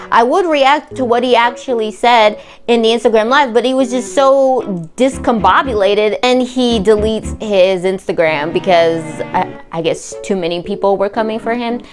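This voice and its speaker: A woman hosting a reaction vlog, talking in a heated, indignant and sarcastic way. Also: on the high side. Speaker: reaction channel host. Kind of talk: angry commentary vlog.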